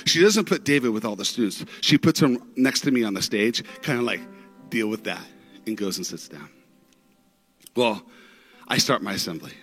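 A man preaching a sermon through stories, dramatic, with big swings in pitch and loudness. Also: expressive, moderate pace, soft background music. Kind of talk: sermon storytelling.

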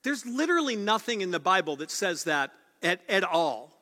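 High bright-voiced male pastor preaching. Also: sing-song, normal speed. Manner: earnest and conversational, with emphatic repeated phrases. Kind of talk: sermon. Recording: long reverb of a large hall.

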